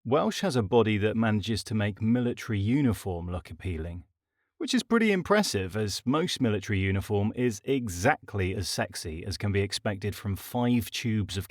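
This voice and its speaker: Wry low-voiced male audiobook narrator. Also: normal speed, no room sound, clean studio sound. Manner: wry and deadpan. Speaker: author and narrator. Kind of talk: scripted comedic audiobook narration.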